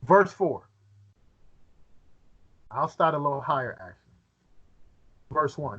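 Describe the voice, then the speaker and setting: A man leading a Bible study, reading scripture aloud and putting questions to his listeners, sometimes halting and repeating words as he thinks. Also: a little high, lively intonation, bright, forceful tone, husky, dull audio.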